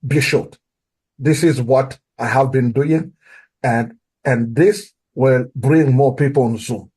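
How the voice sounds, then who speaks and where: A man's voice: medium pitch, takes it slowly, a little mellow, husky. Earnest man with an African accent. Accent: non-native English. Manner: earnest, repeats key phrases for emphasis. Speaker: guest. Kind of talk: sales coaching talk.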